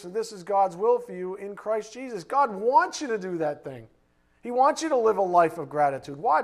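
Blunt, high-voiced male preacher. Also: animated, fairly quick. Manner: blunt, rhetorical questioning, swings from loud to quiet. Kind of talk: sermon.

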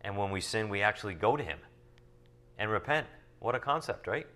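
A man teaching from the Bible, reading verses slowly and then explaining them in casual asides full of rhetorical questions. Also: lowish voice, expressive, sharp tone. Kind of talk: sermon teaching from scripture.

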